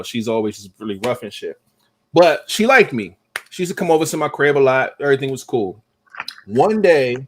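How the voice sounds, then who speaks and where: A young man hosting a podcast, telling a profane story in casual, animated talk. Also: medium pitch. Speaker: podcast host.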